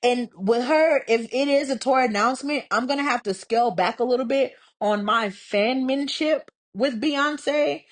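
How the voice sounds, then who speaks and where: A young woman from Texas hosts her own podcast and rants solo, cursing constantly and full of sarcasm. Her voice sits a little high for a woman, and she swings between drawn-out mockery and quick, heated outbursts. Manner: profane, heated and sarcastic, mocking others in put-on voices. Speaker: podcast host. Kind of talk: casual solo podcast rant.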